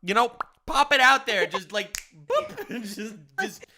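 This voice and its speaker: A man's voice: very high-pitched, huge pitch swings, takes it slowly, crowd noise. A man hosting a podcast, chatting in a joking, irreverent way. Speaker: podcast host. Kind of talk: casual podcast banter.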